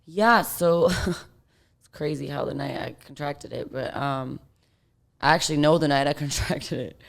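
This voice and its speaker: Low-voiced woman telling a rambling story. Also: measured pace, vocal fry. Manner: rambling, heavy on fillers and swearing. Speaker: guest. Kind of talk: casual storytelling.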